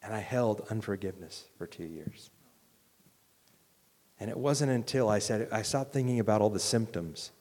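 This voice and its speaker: A man's voice: fairly low pitch, animated, moderate pace, slight background noise. Pastor guy preaching, earnest and chatty, lots of restarts, big reverby church hall. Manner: earnest, conversational, many restarts, swings from loud urging to quiet. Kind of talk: sermon.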